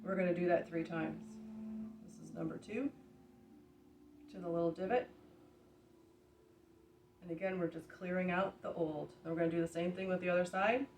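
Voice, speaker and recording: A woman who practises energy healing, gently talking viewers through each exercise step by step as she demonstrates it. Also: fairly low pitch, steady tone, normal speed, pauses often, slight background noise. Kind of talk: guided exercise instruction. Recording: echoey room, mic at a distance.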